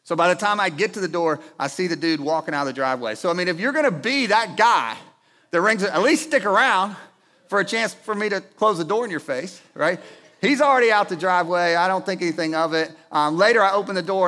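A man preaches a sermon, animated and building to emphatic bursts. His voice sits high and sounds bright and forceful. The long reverb of a church hall carries every phrase. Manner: animated, rising to emphatic outbursts. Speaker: pastor. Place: church sanctuary.

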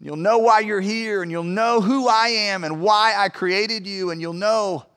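A man's voice: high voice, measured pace, a bit bright, clear, resonant tone. A male preacher voicing Jesus in plain, reassuring paraphrase within his sermon. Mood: assuring. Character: Jesus, a gentle, knowing adult man speaking kindly. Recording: long reverb of a large hall.

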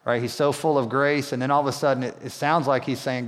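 Conversational pastor in a reverberant church hall. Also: male voice, medium pitch, fairly even intonation, a little fast, few pauses, a bit bright. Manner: conversational, asks the congregation questions. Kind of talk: sermon.

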